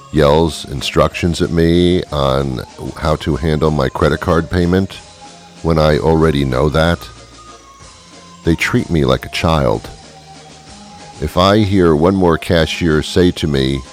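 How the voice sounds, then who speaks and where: Very deep-voiced grumbling man. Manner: sardonic, grumbling. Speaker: comedian. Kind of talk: comic monologue.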